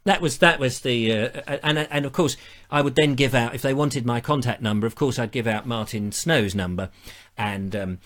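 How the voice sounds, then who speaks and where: A man's voice: medium pitch, normal speed, a bit bright. A man hosting a live online show, chatting casually and reading out viewer comments in a rambling, self-mocking way.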